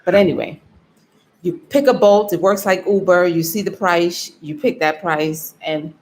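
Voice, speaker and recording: Woman vlogger, tired, yawning, emotional, casual chat, somewhat low voice. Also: moderate pace. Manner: tired, emotional storytelling with frequent laughs. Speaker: vlogger on a live stream.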